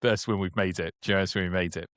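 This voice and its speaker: A man co-hosting a podcast in casual chat, animated, with frequent restarts and sudden upward jumps in pitch when excited. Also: racing, smooth, no room sound, studio quality. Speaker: podcast co-host.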